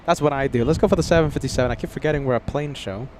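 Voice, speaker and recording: This plane spotting livestream host speaks at medium pitch but races along, his voice a little mellow. He's outside near an airport, sleepy and jet-lagged, chatting with viewers by name over a faint hiss or hum.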